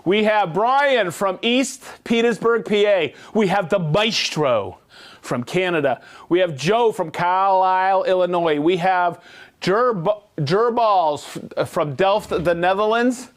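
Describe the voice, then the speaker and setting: A man hosting a livestream, reading out viewer shout-outs in an upbeat, jokey way. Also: high voice, takes it slowly. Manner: upbeat, jokey, rattling off names and places. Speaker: livestream host.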